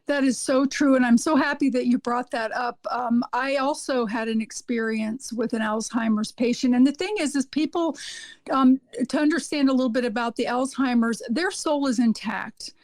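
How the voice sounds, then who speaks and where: A woman with a high, light voice tells earnest stories as a podcast guest, circling back with ums and repeated words as she goes. The sound is close and dry, with no room around it. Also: moderate pace, darkish tone, dry recording. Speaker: podcast guest, hospice nurse. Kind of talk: casual podcast conversation.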